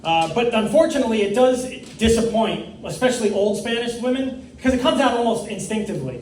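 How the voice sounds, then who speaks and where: A man's voice: high-pitched, animated, a little fast, darkish tone, a little hiss or hum. A young man from New York doing a stand-up comedy set on stage, with a rehearsed, slightly stiff delivery and long setups. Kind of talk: stand-up set at an open mic. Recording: echoey room, mic far off.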